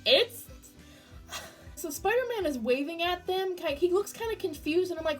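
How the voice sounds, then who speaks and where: Excitable female reviewer, high voice, profane and loud, light music bed. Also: normal speed, recorded from a distance. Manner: gushing, excitable, swears freely, bursts into near-screaming. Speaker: movie reviewer.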